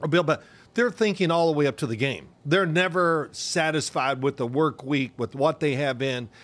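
A man's voice: a little high, normal speed. A man in his sixties hosting a podcast, telling a story in a casual chat and acting out what others said. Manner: animated storyteller, acts out quotes. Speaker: podcast host.

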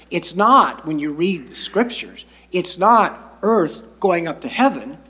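A man preaching a sermon as pastor, slow and emphatic, stretching out key phrases. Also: high-pitched, expressive, fairly bright tone, breathy edge.

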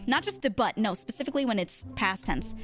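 A woman's voice: a little high, lively intonation, fast talker, soft background music. Exasperated woman streamer lecturing. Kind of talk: ranting livestream chat.

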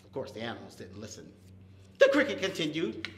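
A man's voice: mid-range voice, sing-song, brisk, fairly bright tone, echoey room. A man leading a toddler storytime, telling a story with playful animal and vehicle noises. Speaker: children's librarian. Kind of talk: toddler storytime with sound effects.

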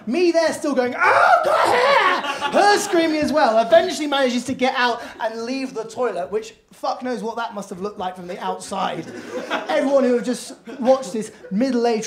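A young man performing a stand-up comedy set on a club stage, telling a story with lively acted-out voices. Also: extremely high pitch.

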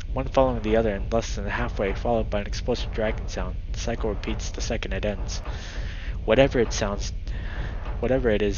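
A man reading a visual novel aloud in first person, with a steady storytelling delivery that slows for tense moments. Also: on the low side. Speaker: channel host. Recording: dull lo-fi with faint hiss.

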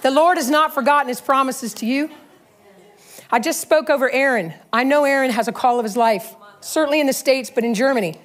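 A middle-aged woman preaching a sermon, telling stories with laughter and animated energy. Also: high-pitched, brisk. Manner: animated, storytelling, frequent laughs. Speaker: pastor.

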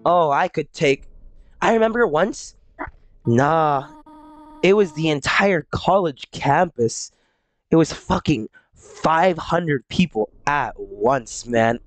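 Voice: mid-range voice, animated, takes it slowly, no room sound, soft background music. A livestreamer chatting casually with viewers, reading chat aloud, laughing often and swearing between bursts of silly voices. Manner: giggly, rambling, swears, breaks into silly voices.

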